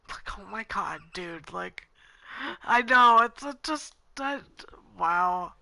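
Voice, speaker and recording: A woman playing a game on stream, giggly and excitable, her voice bouncing all over. She talks through it casually. Soft music runs under her. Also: medium pitch, slow, gravelly. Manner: giggly, excitable, filler-heavy. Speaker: let's play host.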